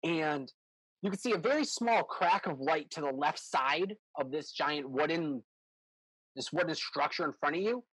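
A man's voice: a little high, animated, normal speed, a bit bright, husky, no room sound, rough recording. A man running a tabletop game as game master, describing scenes in a rambling, self-correcting way.

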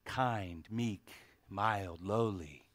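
A male pastor preaching a sermon with emphatic delivery, swinging from hushed asides to loud, fervent climaxes. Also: fairly low pitch, extremely slow, no echo.

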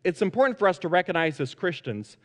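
A male pastor preaches to his congregation, restating points and pausing on frequent "uh" sounds. His voice sits a touch higher than most men's, and the room adds a long, ringing reverb. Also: sing-song. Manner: repetitive, measured, frequent "uh" fillers. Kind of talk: sermon. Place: church sanctuary. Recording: long reverb in a large sanctuary.

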